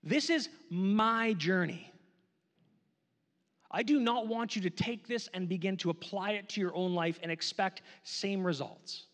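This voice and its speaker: A male pastor preaching a sermon, earnest and slow on his key lines, repeating phrases for emphasis. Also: sits high, fairly bright tone, in a large hall. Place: church sanctuary.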